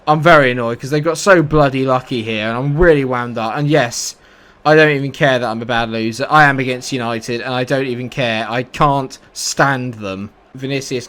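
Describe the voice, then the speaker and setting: A man's voice: medium pitch, a bit bright, smooth. A young British man commentating his own football video game match, frustrated and sarcastic. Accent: British English. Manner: frustrated, swearing, sarcastic outbursts. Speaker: gaming YouTuber. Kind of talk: live gameplay commentary.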